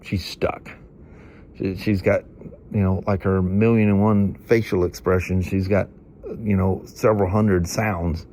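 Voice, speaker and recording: A man's voice: sits low, little pitch movement, unhurried, dark tone, slight background noise. Folksy, chatty, stuffed-up vlogger man. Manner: folksy, chatty, laughs through stories. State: congested from hay fever. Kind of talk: rambling casual storytelling.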